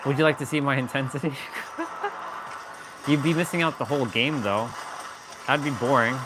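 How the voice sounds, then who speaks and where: A man's voice: mid-range voice, normal speed, noisy background. A man chatting casually on a live gameplay stream, swearing and joking as he taunts enemies in the game. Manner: playful trash talk at enemies, swearing, joking.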